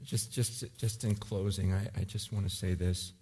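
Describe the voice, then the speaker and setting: A man in his forties preaching a sermon, acting out emotional scenes, then turning quiet and earnest. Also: low voice, steady tone, moderate pace, in a large hall, a little hiss or hum. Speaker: pastor.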